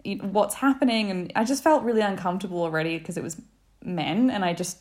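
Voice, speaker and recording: A woman, a podcast guest telling a story in a casual, animated way, laughing often and saying "like" a lot. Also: medium pitch, fast. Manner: animated, laughing, many fillers like "like".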